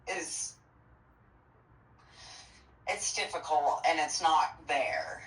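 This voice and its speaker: A woman's voice: sits low, very slow. A woman who owns a restaurant, a guest talking earnestly and with a lot of "like" and "you know.". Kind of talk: casual chat. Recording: echoey room.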